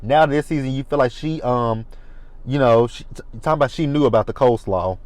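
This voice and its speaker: A man talks through a reality show episode in a sassy, animated way, swearing freely as he goes. His voice sits at a middle pitch. It is recorded close and dry, with no room sound. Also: a little fast, no echo. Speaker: reality TV reviewer. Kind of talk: casual commentary.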